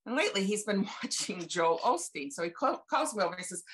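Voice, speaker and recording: A woman in her seventies, speaking fast and expressively in a medium-pitched, slightly bright voice, shares a personal faith testimony as a guest over video call. Her delivery is folksy and chatty, with emphatic retold conversations.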